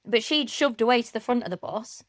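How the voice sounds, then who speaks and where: A woman's voice: a little high, expressive, a little fast, dry recording, studio quality. A woman co-hosting a podcast, telling stories in casual chat and laughing often. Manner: chatty storyteller, laughs often. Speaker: podcast co-host.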